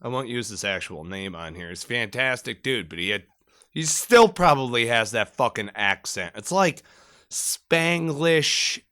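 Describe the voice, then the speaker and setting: A man's voice: medium pitch, expressive, a little slow, a bit bright. A man in his thirties, a podcast co-host and Marine veteran, telling profane, joking stories in casual chat. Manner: profane, joking storyteller who mimics accents.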